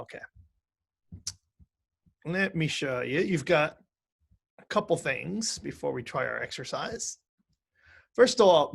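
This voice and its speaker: A man's voice: on the high side, fairly bright tone. A man teaching music and mindfulness in a conversational online class, often asking "right?" to check in with students.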